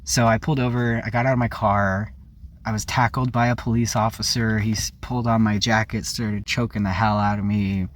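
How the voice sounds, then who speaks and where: A man's voice: fairly low pitch, level tone, brisk. A man vlogging a candid personal story, rambling and confessional, often circling back and correcting himself. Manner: rambling, frank and confessional, with self-corrections and frequent "like".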